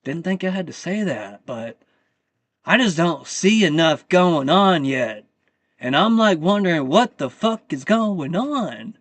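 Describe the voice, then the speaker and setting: A man's voice: fairly high pitch, very animated, a little slow, fairly bright tone, no echo. Fired-up man ranting on his channel. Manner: heated, profane, venting. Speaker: channel host. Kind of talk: live commentary rant.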